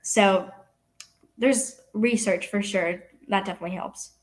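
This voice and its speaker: Chatty young actress, lots of "like". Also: female voice, mid-range voice, unhurried. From California. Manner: youthful, heavy use of "like" and "um". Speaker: actress guest. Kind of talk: casual interview answers.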